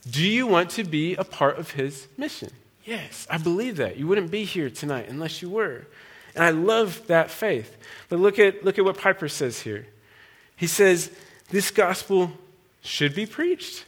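Guest preacher, male, bright and slightly high voice, earnest and pressing with his questions. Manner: earnest, challenging, asks the crowd many questions. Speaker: guest speaker. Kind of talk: sermon.

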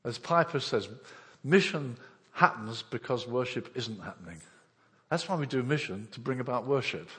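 A male pastor preaching a sermon, swinging between loud bursts and hushed asides. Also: medium pitch, animated, moderate pace, in a large hall. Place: church hall.

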